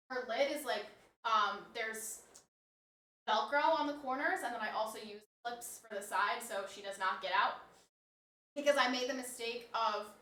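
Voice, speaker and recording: Here a woman's fairly high, pushed, bright voice carries a little hiss or hum. She's live streaming from home in a room with a snake enclosure, chatting loosely and replying to her chat along the way. The sound is roomy, from a mic set at a distance.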